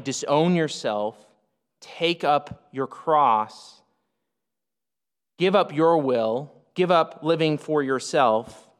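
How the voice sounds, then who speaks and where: A man preaching an expository sermon, emphatic, swinging up and down in pitch to stress his points. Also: fairly bright tone, clear, resonant tone. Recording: reverberant hall.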